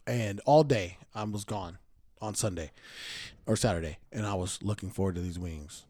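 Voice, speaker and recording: A young man co-hosting a podcast, telling stories in a loud, animated way, swearing and laughing often. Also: low voice, moderate pace, no echo. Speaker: podcast co-host. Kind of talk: casual chat.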